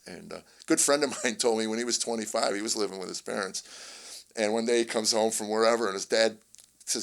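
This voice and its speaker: A man's voice: lowish voice, a little fast, vocal fry. An older man, a comedian guest in an interview, telling family stories and acting out the dialogue. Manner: animated storyteller, acts out family dialogue. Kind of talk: casual storytelling interview.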